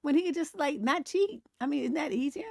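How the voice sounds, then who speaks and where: A woman hosting a live stream, reading memes and commenting in a sassy, animated way, laughing often and mimicking grumpy voices. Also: sits high, a little fast, vocal fry, dry recording, studio quality. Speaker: relationship coach and show host.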